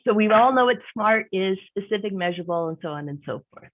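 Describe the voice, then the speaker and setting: A woman career coach leads an online workshop in a relaxed, conversational way. She leans hard on her main points and repeats them for weight. Her voice comes through a narrow, tinny line, like a phone or a video call. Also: medium pitch, fast, slight background noise.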